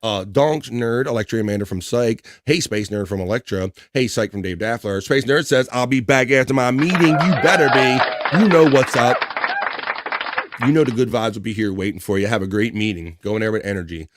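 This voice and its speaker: A man's voice: mid-range voice, a little fast, a little hiss or hum. A middle-aged man hosting a casual livestream, reading viewer comments in an upbeat, chatty way with frequent laughs. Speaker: livestream host.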